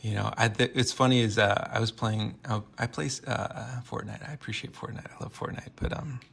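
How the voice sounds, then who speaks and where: A man's voice: on the low side, steady tone, brisk, creaky, a bit bright, breathy edge. An American man rambling through a casual vlog, joking and interrupting himself often. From United States. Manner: rambling, self-interrupting, jokey. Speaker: vlogger.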